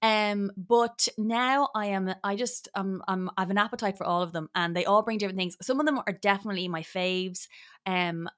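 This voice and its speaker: A woman, a podcast guest in casual chat, animated and laughing as she acts out little voices. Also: mid-range voice, a little fast.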